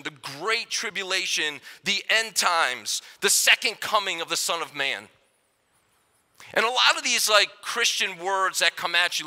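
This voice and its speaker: A young man preaching a sermon in a casual, enthusiastic way, swinging between loud emphasis and hushed moments. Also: sits high. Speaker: pastor. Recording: hall reverb.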